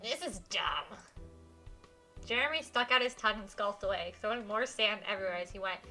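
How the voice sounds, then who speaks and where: A woman streaming a visual novel, reading the text aloud and reacting with giggles and animated comments. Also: mid-range voice, fairly quick, soft background music.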